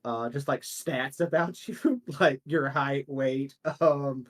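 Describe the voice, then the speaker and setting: A man narrating as game master of a tabletop role-playing game, laughing often between quick asides. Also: mid-range voice.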